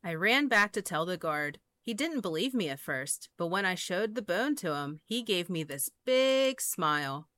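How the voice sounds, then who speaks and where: A woman reading children's picture books aloud with a lively, sing-song pitch that rises and falls. Her voice is bright and crisp, recorded close and dry with no room echo. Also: normal speed, hardly any pauses. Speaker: storyteller.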